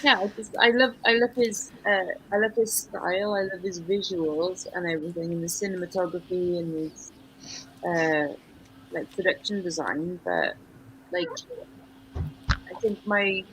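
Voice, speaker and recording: Relaxed gushing young-sounding woman. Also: on the low side, a little slow, slight background noise, low-quality recording. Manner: relaxed, gushing, frequent fillers. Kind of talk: casual chat.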